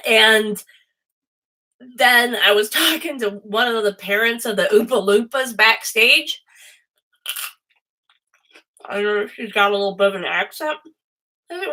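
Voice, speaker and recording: On a rough recording, a woman with a fairly high, sharp-toned voice hosts a casual livestream and reads tarot. She rambles, chats away, and swears freely.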